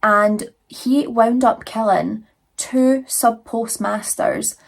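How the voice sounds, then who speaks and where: A woman's voice: fairly high pitch, takes it slowly, vocal fry. A young adult woman hosting a true crime channel, telling the case in a chatty, casual way full of fillers. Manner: chatty, frequent "like" and "you know" fillers.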